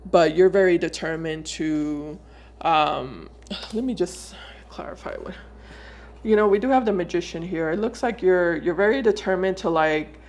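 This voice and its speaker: A woman giving a casual tarot reading to her viewers. She talks in a loose, searching way, often pausing and repeating words before going on. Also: lowish voice, darkish tone. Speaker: tarot reader.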